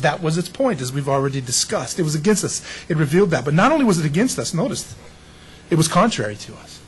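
A man with a rather high, husky voice delivers a sermon. He talks to the congregation in a conversational way, tossing out rhetorical questions and folksy asides. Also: low-quality recording. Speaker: pastor.

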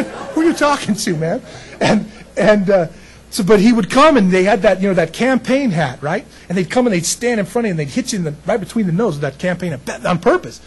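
A middle-aged male pastor preaching casually, telling a story with folksy, animated humor. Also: high-pitched, breathy edge, poor audio. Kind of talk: casual sermon with personal story.

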